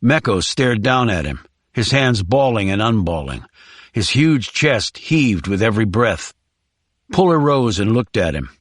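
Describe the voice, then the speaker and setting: Dry, measured male narrator. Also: lowish voice, dry recording. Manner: measured, even storytelling. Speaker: audiobook narrator. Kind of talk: scripted narration.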